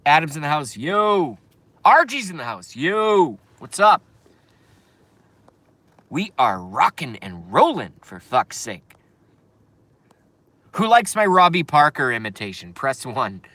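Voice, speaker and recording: A man's voice: on the high side, very animated, takes it slowly, pauses often, pushed and bright, no room sound. A man hosting a casual live stream, ranting with a lot of swearing and talking straight to his chat viewers.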